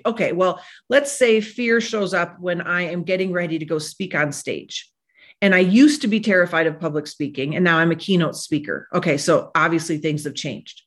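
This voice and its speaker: A woman's voice: medium pitch, fairly bright tone. Woman host doing a pep talk, voice swoops all over, acts out little quotes. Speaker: podcast host, psychologist. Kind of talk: motivational podcast talk.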